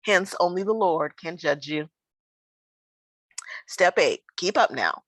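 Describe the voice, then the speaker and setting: A woman's voice: on the low side, animated, takes it slowly, pauses often, a bit bright, dry recording, poor audio. A woman performing spoken word poetry live, with a rhythmic, emphatic delivery and weary repeated refrains.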